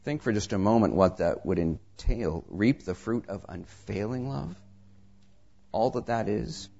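A man preaching a sermon, reading scripture and telling stories, his delivery swinging between quiet asides and raised emphasis. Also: lowish voice, animated, unhurried, creaky. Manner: tells anecdotes with acted dialogue. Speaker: pastor. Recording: dull lo-fi sermon recording.

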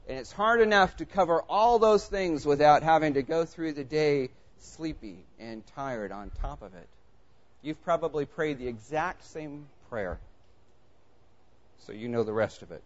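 Male pastor, conversational sermon delivery, lively anecdotes, somewhat higher pitch, dull lo-fi sound. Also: measured pace. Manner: storytelling, animated and conversational. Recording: muffled lo-fi recording.

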